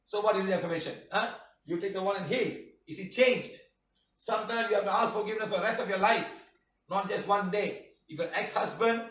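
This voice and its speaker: A man with a fairly high voice lectures his students, scolding them and firing rhetorical question after question. He sounds set back from a dull-sounding mic. The room around him is echoey and hollow. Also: fairly bright tone, distant mic. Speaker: healing workshop teacher. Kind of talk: live online workshop talk.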